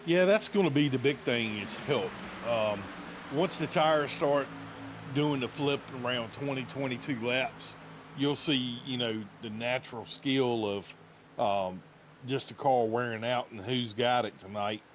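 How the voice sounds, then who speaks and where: A man giving color commentary on a sim race, relaxed and analytical, with many fillers. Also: mid-range voice, measured pace, noisy background. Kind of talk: live sim racing commentary.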